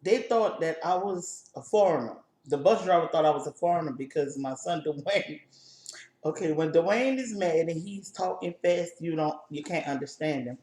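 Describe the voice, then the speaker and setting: A woman with a New Orleans accent telling a story in casual chat, lively and animated, acting out the people in it. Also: deep voice, moderate pace, reverberant. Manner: lively, animated, acts out voices in her stories. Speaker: co-host.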